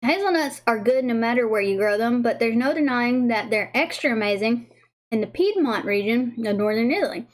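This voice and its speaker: A woman's voice: a little high, lively intonation, brisk. Bubbly, giggly woman. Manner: bubbly, giggly, stumbles over words while reading. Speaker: livestream host tasting snacks. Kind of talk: casual livestream chat.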